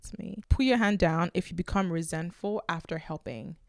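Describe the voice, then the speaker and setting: Low-voiced woman hosting a candid podcast. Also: normal speed, gravelly, dry recording, clean studio sound. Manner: candid, conversational, animated storytelling. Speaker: podcast host. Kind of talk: casual solo podcast talk.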